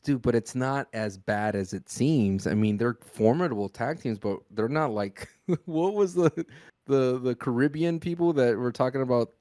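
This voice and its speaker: A man co-hosting a wrestling podcast, chatting casually and telling stories with a joking, relaxed manner. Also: medium pitch, normal speed, dry recording, clean studio sound. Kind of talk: casual chat.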